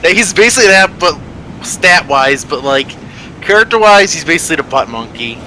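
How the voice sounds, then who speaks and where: A man with a bright, somewhat high voice chats casually as a player in a tabletop game. He rambles, restarts sentences, and keeps correcting himself mid-thought. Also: animated, moderate pace, slight background noise, rough recording. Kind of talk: casual chat during tabletop game setup.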